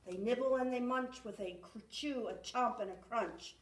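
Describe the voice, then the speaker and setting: A woman's voice: on the high side, moderate pace. A woman reading a rhyming picture book aloud at a library storytime with rhythmic expression. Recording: echoey room, far from mic.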